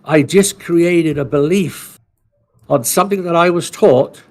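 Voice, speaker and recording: A man's voice: a little high, unhurried, darkish tone. A male podcast co-host telling a personal story in a casual, blunt, salty way, rambling with restarts.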